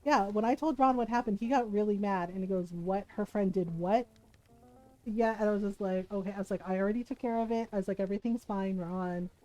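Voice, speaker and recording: A woman's voice: mid-range voice, fast, few pauses, a little mellow, poor audio. A middle-aged woman streaming, telling stories in casual chat and laughing often as she talks. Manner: chatty storyteller, laughs often.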